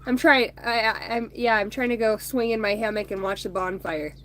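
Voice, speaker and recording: A woman's voice: a little high, steady tone, normal speed, a bit bright. A woman in her thirties hosting a casual card-reading chat on a phone outdoors, rambling, swearing and laughing between remarks. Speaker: oracle card reader streaming to viewers. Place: outdoors by a bonfire at home.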